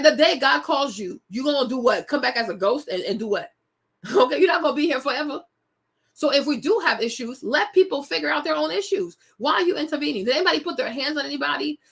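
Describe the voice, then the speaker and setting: A young adult woman from West Africa, talking straight to her viewers in an animated, emphatic monologue, laughing often and calling them y'all and girl. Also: high voice. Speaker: vlog host.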